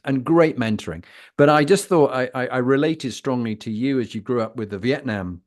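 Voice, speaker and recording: A man from Britain hosting a conversational interview, telling stories in an animated way with long wind-ups before his question. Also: medium pitch, normal speed. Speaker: host.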